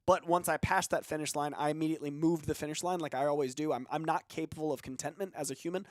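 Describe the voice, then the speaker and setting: A chatty man co-hosting a livestream, telling stories at length with a self-deprecating edge. His voice sits fairly high for a man and the sound is close and dry, with no room around it. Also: fairly even intonation, fast, no echo. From Boston. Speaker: co-host. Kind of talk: casual livestream chat.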